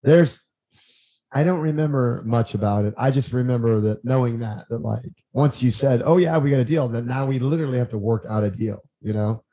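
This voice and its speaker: A man guesting on a podcast, telling stories in a lively, rambling way and acting out what others said. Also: medium pitch, normal speed, low-quality recording. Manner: animated, acts out quotes, frequent restarts. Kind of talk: casual storytelling chat.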